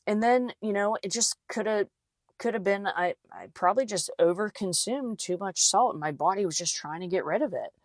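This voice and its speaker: A woman's voice: medium pitch, moderate pace, dry recording, clean studio sound. A woman hosting a casual solo podcast, talking chattily with lots of fillers and restarts. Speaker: podcast host, physical therapist.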